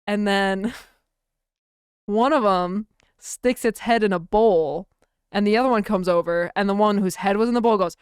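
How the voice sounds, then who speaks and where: A young woman co-hosting a college radio podcast, telling a story in an animated, laughing way with lots of "like". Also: medium pitch, measured pace, smooth, no room sound, clean studio sound. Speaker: podcast co-host. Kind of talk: casual storytelling chat.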